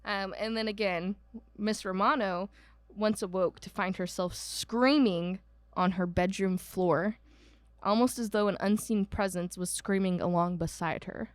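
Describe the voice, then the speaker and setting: A woman's voice: mid-range voice, steady tone, measured pace, dry recording. A woman co-hosting a podcast, casually telling a haunted house history with lots of "um"s and self-corrections, with an Ohio accent. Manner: rambling, filler-heavy, self-correcting. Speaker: podcast co-host. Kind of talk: casual storytelling chat.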